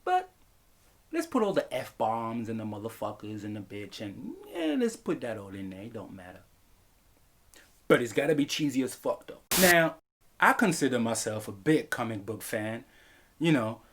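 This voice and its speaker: A man reviewing a film in a comedic vlog, animated and profane, laughing often. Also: mid-range voice, normal speed, a little hiss or hum.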